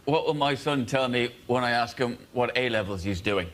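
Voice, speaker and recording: A comedian panellist on a TV comedy show delivering expressive punchline questions. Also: male voice, medium pitch, moderate pace. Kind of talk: stand-up quip delivery. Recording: noisy compilation audio.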